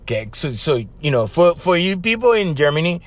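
A man's voice: fairly high pitch, sing-song, brisk. A man with a Hawaiian Pidgin accent, hosting a podcast as a casual, loose monologue full of "bro" and laughs. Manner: chatty, loose, laughs often, says bro. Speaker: podcast host.

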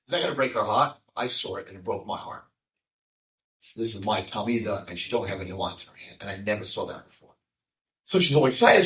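A man with an American accent, a rabbi telling a story as an animated storyteller to a live audience. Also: a little fast. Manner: animated storyteller, acts out quotes with sudden high voices. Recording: echoey room, speaker far from mic.

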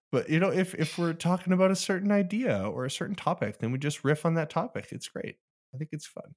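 A man's voice: on the high side, fast talker. A young adult man co-hosting a podcast in casual chat, laid-back and jokey, laughing often. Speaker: podcast co-host.

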